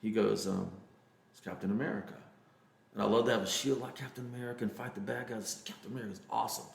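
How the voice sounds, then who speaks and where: A man with a Texan accent, telling a personal story in a casual interview, earnest and halting with many fillers. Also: on the low side, fairly even intonation, gravelly, reverberant. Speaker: interview guest.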